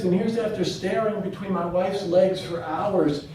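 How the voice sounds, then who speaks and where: A middle-aged man tells a long stand-up story at an open mic, jumping high and low as he acts out the people in it. His voice sits a little high for a man. The sound is very echoey and picked up from a distance, with faint room noise behind. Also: moderate pace. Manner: animated, acts out voices with big pitch jumps. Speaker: stand-up comedian.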